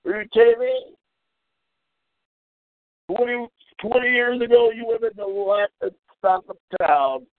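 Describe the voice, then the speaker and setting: An extremely high-pitched man speaks unhurriedly and pauses often while hosting a call-in radio show, launching into an angry, profane, mocking rant. The audio is tinny like a phone call and has no room sound.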